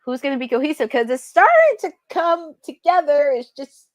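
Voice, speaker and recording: A woman's voice: high voice, sing-song, moderate pace. A woman co-hosting a wrestling watch-along, giving casual live commentary in a chatty, wry, sarcastic way.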